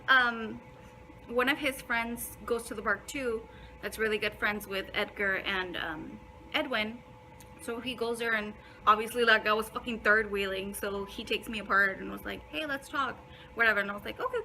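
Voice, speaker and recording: A woman's voice: medium pitch, steady tone, moderate pace, pushed and bright, slight background noise, low-quality recording. A young woman telling a casual storytime in a blunt way, swearing a lot and filling her talk with "like". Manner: blunt, heavy swearing, many fillers. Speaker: vlogger.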